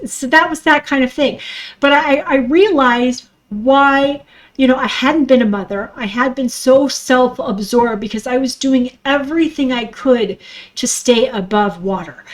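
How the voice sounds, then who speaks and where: A middle-aged woman with a stuffy nose talks through a raw, emotional personal monologue as a podcast host. She swears freely and acts out what she thought in the moment. Her voice sits a little high. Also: poor audio.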